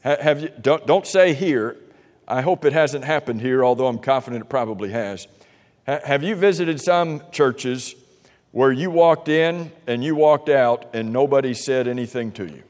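A man's voice: mid-range voice, normal speed, darkish tone, in a large hall. A man preaching a conversational sermon to his congregation, asking them questions as he goes. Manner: conversational, asks the congregation questions, many restarts. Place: church sanctuary.

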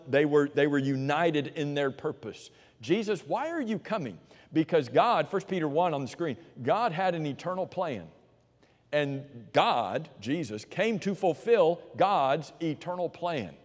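A man preaching a sermon, walking listeners through verses with rhetorical questions and sinking to a quiet voice for emphasis. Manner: drops to a low, quiet voice for emphasis. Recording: long reverb of a large hall.

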